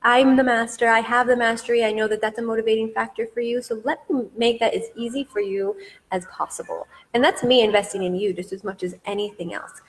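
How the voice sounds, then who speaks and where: A woman's voice: fairly high pitch, fairly even intonation, a little fast. A woman business coach giving a masterclass, talking with eager, repetitive emphasis. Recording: long hall reverb.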